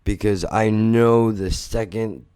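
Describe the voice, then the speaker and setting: Male podcast host, low-ish voice; rambling, blunt, profane monologue. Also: steady tone, slow pace, mellow, clear, resonant tone. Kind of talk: casual storytelling monologue.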